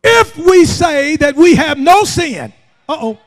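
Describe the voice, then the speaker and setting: An older man preaching a fiery church sermon, shouting and laughing as he urges the congregation to answer him. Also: very high-pitched, sing-song, takes it slowly. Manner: shouting, urging the congregation with call-and-response and frequent laughs. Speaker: pastor. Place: church sanctuary.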